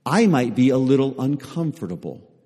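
A man's voice: mid-range voice, sing-song, moderate pace, dark tone, breathy edge, in a large hall. A man preaching a sermon to a congregation, pressing them with repeated rhetorical questions. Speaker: pastor.

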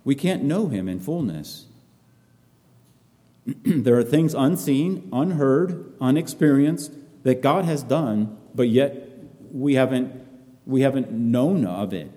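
A man preaching a sermon, reading scripture aloud and expounding it in earnest, repetitive, halting phrases. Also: medium pitch, lively intonation, mellow, in a large hall.

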